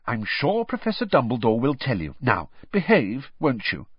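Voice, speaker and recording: A man voicing a warm, motherly middle-aged woman who speaks fondly and knowingly in a storybook reading. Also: mid-range voice, wildly swooping pitch, moderate pace, husky, dry recording, highs cut off. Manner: fond, gently knowing.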